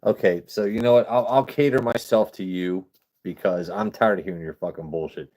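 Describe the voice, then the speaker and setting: A man with a very low voice hosts a casual livestream. He rambles loosely from one thing to the next and swears freely as he talks to viewers in chat. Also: fairly quick, darkish tone. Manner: rambling, profane, chatting with viewers. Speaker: livestream host.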